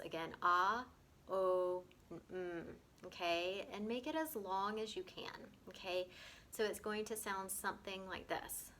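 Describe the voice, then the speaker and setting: Bright-voiced woman teaching breathwork. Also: on the low side, a little hiss or hum. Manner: gentle, repeats words, checks in with "okay?". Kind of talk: guided breathwork lesson.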